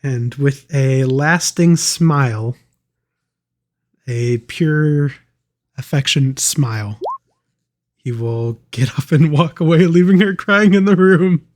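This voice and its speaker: Game player guy slowly narrating what his character does, kinda high voice. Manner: slow, deliberate descriptive narration.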